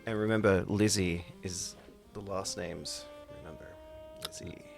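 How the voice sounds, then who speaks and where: A man's voice: low voice, fairly even intonation, a little slow, vocal fry, music in the background. A man narrating as game master of a tabletop game, casual and swearing often.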